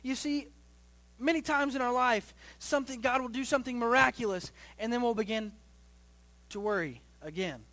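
A young male pastor with a very high-pitched voice preaches a sermon. He builds to loud, rising passages, then sinks low and quiet, often repeating himself and restarting phrases. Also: moderate pace, no room sound.

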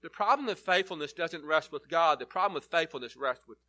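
A man's voice: on the high side, lively intonation, fairly quick, sharp tone. A male preacher giving an earnest Bible-teaching sermon, leaning hard on key words.

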